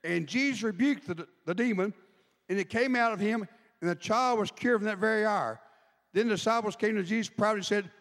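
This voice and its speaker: Male pastor, conversational preacher, high voice, reverberant hall. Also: brisk, pauses often, a bit bright. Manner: conversational preaching, asks the congregation questions. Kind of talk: sermon.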